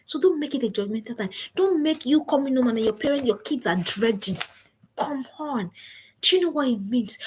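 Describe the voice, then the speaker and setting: A woman's voice: high-pitched, fairly bright tone, slightly rough. A middle-aged woman gives an emphatic live-stream parenting talk, repeating her key phrases. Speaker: parenting coach. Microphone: home streaming setup.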